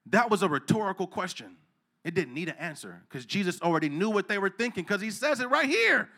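A man preaching a sermon in a casual, slangy way, asking the listeners questions and swinging between low asides and loud, emphatic preaching. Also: expressive, quick pace. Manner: casual street slang, asks the crowd questions.

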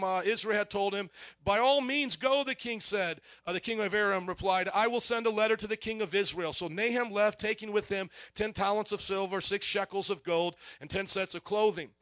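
High-voiced energetic male preacher. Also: dry recording. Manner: energetic call-and-response, casual asides. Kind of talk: sermon.

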